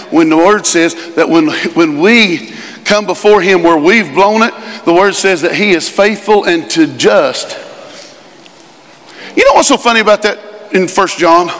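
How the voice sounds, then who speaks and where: A middle-aged male pastor preaching a sermon in a church, animated and shouting at times. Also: high-pitched. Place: church sanctuary. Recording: live church recording with hall reverb.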